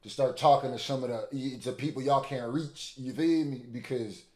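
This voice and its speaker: A man hosts a reaction video in loose slang and keeps repeating his own jokes for effect. His voice sits in a middle range. The room around him rings with a clear echo. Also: medium pitch, normal speed, darkish tone. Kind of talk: casual reaction commentary. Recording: roomy echo.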